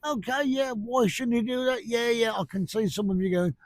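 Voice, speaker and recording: A man, talking casually for a fishing vlog in a blunt, sweary, ranting way, outdoors on a beach at night by rough surf. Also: extremely high pitch, fairly even intonation, moderate pace, hardly any pauses, dry recording. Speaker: fishing vlogger.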